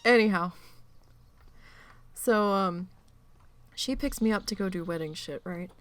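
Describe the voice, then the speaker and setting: Unhurried and medium in pitch, a female streamer recounts a family story in relaxed chat during a gaming session, cursing without restraint and performing the quoted voices.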